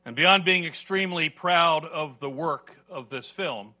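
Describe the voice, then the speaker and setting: A man in his sixties, president of a policy institution, welcomes an audience at a podium with an earnest, measured manner, pausing on "uh" and leaning on key words. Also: a little high, sharp tone. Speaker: host and think-tank president. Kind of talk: formal welcome speech at an event. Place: event hall before a seated audience.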